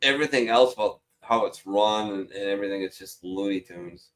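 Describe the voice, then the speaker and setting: A man's voice: fairly low pitch, brisk, fairly bright tone. A man hosting a casual online chat, joking and swearing as he reads memes aloud and laughs at them. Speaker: show host reading memes.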